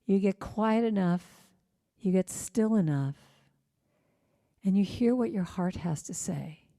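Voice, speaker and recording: A middle-aged woman giving a gentle, heartfelt inspirational talk in a church, telling personal stories. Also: medium pitch, lively intonation, takes it slowly. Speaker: singer-songwriter speaker.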